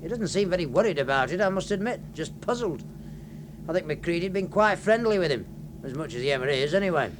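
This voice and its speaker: Guy playing a dry knowing ship's officer, slightly high voice, hummy old radio tape. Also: expressive, quick pace, noisy background, lightly acted. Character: shrewd wry male ship's officer. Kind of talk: 1970s radio drama acting.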